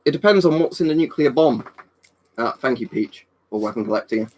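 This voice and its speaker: Animated and fairly quick, with a mid-range, slightly mellow voice, a young man rambles through a casual live stream. He curses freely and keeps reading and answering the chat.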